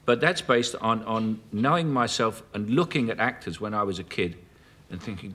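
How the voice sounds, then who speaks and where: Cockney male actor, 50s, chat show guest; low pitch, bright edgy tone, anecdotal and chuckling. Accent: Cockney London. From South London, England. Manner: anecdotal, chuckling, halting restarts. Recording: 1980s television studio broadcast.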